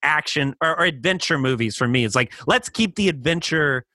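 A man co-hosting a podcast in casual chat, enthusiastic and often talking over his partner with quick restarts. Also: on the high side, lively intonation, pushed and bright, no room sound. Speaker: podcast co-host.

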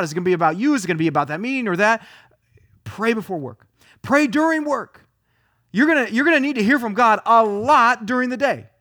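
High-voiced man preaching a sermon. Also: pushed and bright, no echo, clean studio sound. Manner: emphatic, repeats phrases, asks many rhetorical questions. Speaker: pastor.

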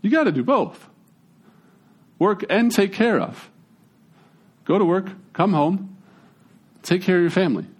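A man, giving a casual, conversational sermon as a pastor, with folksy, animated storytelling. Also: high voice, unhurried, long pauses, slightly rough.

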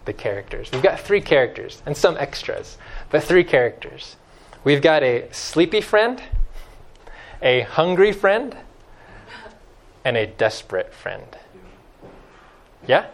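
A man preaching a sermon, emphatic and fond of repeating key phrases, swinging from loud stresses to hushed lines. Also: fairly high pitch, very animated, takes it slowly, pauses often.

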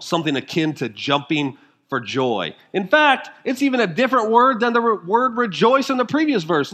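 A male pastor with a notably high voice delivers his sermon. He speaks emphatically and keeps asking the congregation questions, dropping to quiet intensity before building back up with fervor. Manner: swings between quiet intensity and rising fervor.

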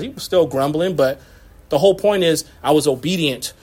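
A man in his thirties preaches to his congregation in a church. His voice sits high for a man, and he talks in a loose, conversational way, breaking into laughs and quick asides between points. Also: a little mellow, breathy edge. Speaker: pastor. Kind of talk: sermon. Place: church sanctuary.

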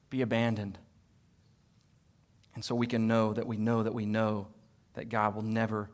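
A man preaching a sermon as pastor, with emphatic repeated phrases that build to loud peaks and then fall soft, mixed with homely family stories. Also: lowish voice, completely flat delivery, moderate pace, long pauses.

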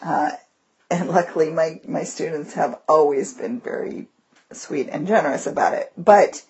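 Female co-host, teacher; lower husky voice, lively casual storyteller. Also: moderate pace, muffled recording. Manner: animated storyteller, breaks into voices. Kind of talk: casual chat.

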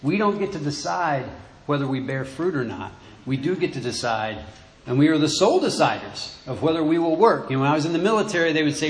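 A man preaching a sermon in church, halting and repeating words as he goes. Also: on the high side, animated, a bit bright, a little hiss or hum. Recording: echoey room.

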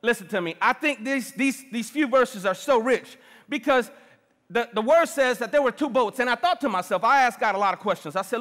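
A middle-aged man preaching a sermon as pastor, lively and personal, calling on the congregation. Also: extremely high pitch, a little fast. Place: large church hall. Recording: long reverb of a big hall.

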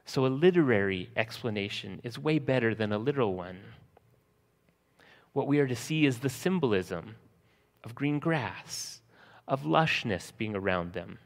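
A man preaching a sermon, slowing for emphasis and acting out scenes from the text in lively voices. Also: medium pitch, in a large hall. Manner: lively storytelling, acting out disciples' panic in a raised voice. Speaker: pastor.

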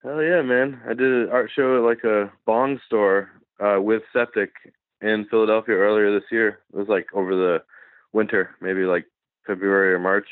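An easygoing man with a lowish voice, talking as a guest artist over a phone call. He chats casually and keeps saying "man" and "dude". His voice comes through a thin, tinny phone line. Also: flat delivery, normal speed, no room sound. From Massachusetts. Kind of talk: casual interview chat.

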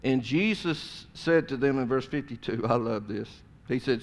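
A man preaching a sermon, swinging between loud emphasis and hushed tones. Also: mid-range voice, normal speed, few pauses.

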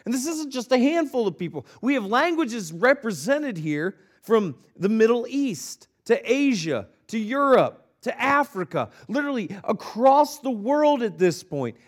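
A man preaching as a pastor with a high, lively voice that leaps around. He mixes joking asides with sudden drops into low, quiet emphasis. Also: unhurried, hardly any pauses. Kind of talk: sermon.

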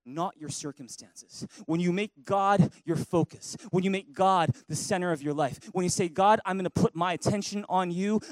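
High-voiced animated male preacher. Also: no room sound, poor audio. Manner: animated preacher who acts out worried voices and leads call-and-response. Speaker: pastor. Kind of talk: sermon. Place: church sanctuary.

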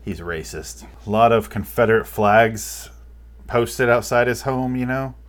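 A man's voice: mid-range voice, unhurried. A man giving a crude, exasperated comedic rant about a movie, mocking it as he goes. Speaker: movie reviewer.

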